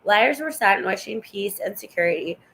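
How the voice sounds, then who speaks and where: A woman's voice: mid-range voice, animated, brisk, vocal fry, a bit bright, a little hiss or hum, low-quality recording. A woman reading scripture aloud in a casual way, stumbling over hard names and stopping to cough. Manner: stumbles over names, chatty asides to the viewer. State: coughing and yawning. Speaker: Bible reader.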